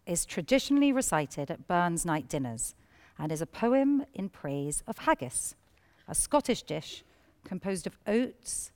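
A woman presenting a poetry programme, giving scripted introductions to each poem in an expressive storytelling tone. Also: fairly low pitch.

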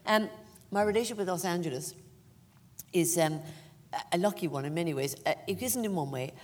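A woman's voice: fairly low pitch, fairly quick. An older Irish woman, an actress, telling self-mocking stories with lots of laughter in a stage interview. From Ireland. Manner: animated, self-mocking storyteller with frequent laughter. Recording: long hall reverb.

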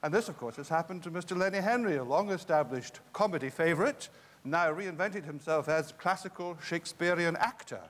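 Polite guy hosting a stage chat, kinda high voice, long hall echo. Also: brisk, fairly bright tone. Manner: polite and genial, addresses the audience. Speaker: host.

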